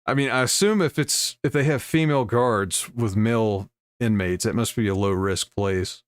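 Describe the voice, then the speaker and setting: A man's voice: fairly low pitch, normal speed, smooth, no room sound, clean studio sound. A man on a livestream, casually reading news stories aloud and breaking off with laughing asides to his chat.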